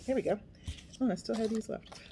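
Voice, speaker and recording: A woman's voice: on the high side, brisk, warm tone, a little hiss or hum. A middle-aged woman chatting casually as she works on a craft project, rambling and poking fun at herself as she goes. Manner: chatty, self-deprecating, talks to herself while working. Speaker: craft vlogger.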